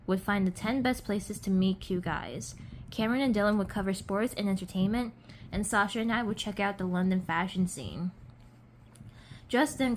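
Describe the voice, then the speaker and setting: A woman's voice: medium pitch, slight background noise. A young woman reads a children's storybook aloud, casual and unpolished. She trips over words now and then and picks the line up again. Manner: casual, slips and restarts, laughs at herself. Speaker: doll collector reading a storybook. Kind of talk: reading a children's book aloud.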